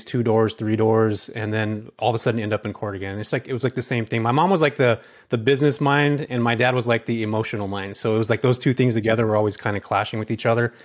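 A man as a podcast guest, telling his story casually and animatedly, acting out bits of dialogue between lots of filler words. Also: mid-range voice.

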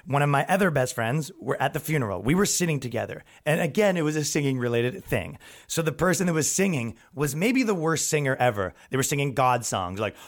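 A man's voice: medium pitch, a little fast. A young man hosting a podcast, ranting and telling funny stories in a loose, profane way, often acting out the people he quotes. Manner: animated, profane, quotes people in acted voices. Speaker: podcast host. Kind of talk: casual storytelling rant.

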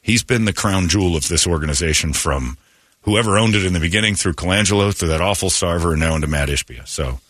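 A middle-aged man hosting a morning radio show from a studio, telling rambling stories and jumping into loud mocking voices. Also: sits low, quick pace, no room sound. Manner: rambling storyteller, swings into loud excited mock voices. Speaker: radio host. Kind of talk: casual morning radio talk. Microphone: studio microphone.

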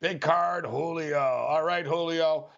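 A man's voice: a little high, fairly even intonation, slow pace, vocal fry, fairly bright tone, lo-fi sound. A man hosting a sports betting radio show, rambling casually with frequent chuckles.

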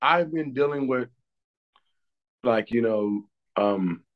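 A man's voice: medium pitch, lively intonation, takes it slowly, lo-fi sound. A tired man on a podcast, talking in a casual, profane, joking way and laughing often. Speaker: podcast co-host. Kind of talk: casual chat.

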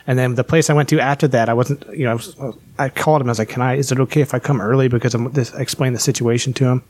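A man's voice: medium pitch, steady tone, very fast, a little mellow. Blunt, profane man telling stories. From West Virginia. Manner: candid storytelling, heavy swearing. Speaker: podcast guest. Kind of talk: casual chat.

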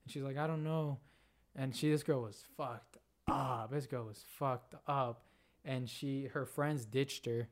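A young man co-hosting a casual podcast tells an animated party story, swearing a lot and acting out what people said. His voice is mid-range and his pace measured.

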